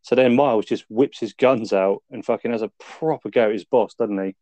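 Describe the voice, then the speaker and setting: A man's voice: fairly low pitch, fairly quick, dark tone, dry recording, dull audio. A man casually retelling film scenes on a review podcast, swearing freely and laughing as he goes. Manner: laid-back, swears a lot, laughs while retelling scenes. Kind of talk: casual chat, recapping a film.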